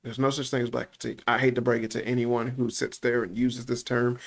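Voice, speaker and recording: A man's voice: medium pitch, fast talker, gravelly. A man with a Chicago accent giving profane reaction commentary, laughing often as he rants. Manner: animated, laughs often, heavy swearing. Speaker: YouTube commentator.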